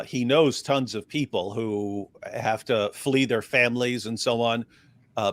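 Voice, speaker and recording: A man talking through a topic in casual online commentary, thoughtful and measured with sarcastic edges. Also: lowish voice.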